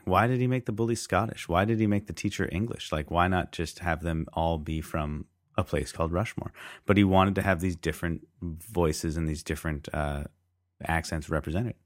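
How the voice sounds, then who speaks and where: Very deep-voiced man, dry close sound. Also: fairly even intonation, normal speed, no echo. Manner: rambling, hesitant with many fillers. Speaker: podcast co-host. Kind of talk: casual film discussion.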